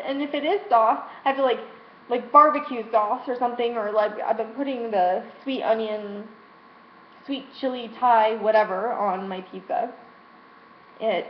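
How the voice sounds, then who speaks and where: A woman's voice: a little high, measured pace. Emotional woman venting in a roomy space. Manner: frank and emotional, swears freely. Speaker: vlogger. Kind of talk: personal rant vlog. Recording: roomy, dull lo-fi sound with faint hiss.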